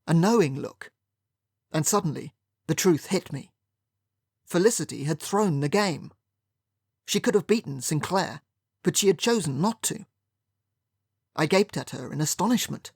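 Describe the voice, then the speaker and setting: A wry, measured first-person audiobook narration of a period mystery. The voice sits at a middle pitch. The recording is close and completely dry. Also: breathy edge, no echo.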